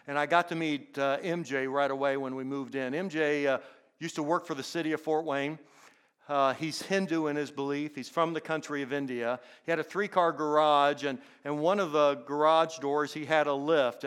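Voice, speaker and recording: A man's voice: fairly high pitch, fairly bright tone, clear, resonant tone. An older man preaching a sermon as a pastor, telling personal stories in an earnest way and often repeating words as he goes. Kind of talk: sermon storytelling.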